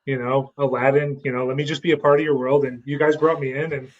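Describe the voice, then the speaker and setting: A man's voice: medium pitch, level tone, fast talker, dull audio, a little hiss or hum. Self-mocking laughing man guest. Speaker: podcast guest. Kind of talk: casual chat. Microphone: video call mic.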